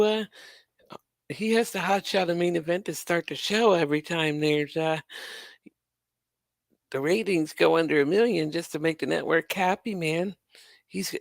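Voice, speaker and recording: A man's voice: fairly high pitch, fairly even intonation, unhurried, vocal fry, dry recording, studio quality. A man hosting his own channel, ranting with sarcasm and exasperation and swearing now and then. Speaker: wrestling commentary channel host. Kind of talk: ranting commentary to camera.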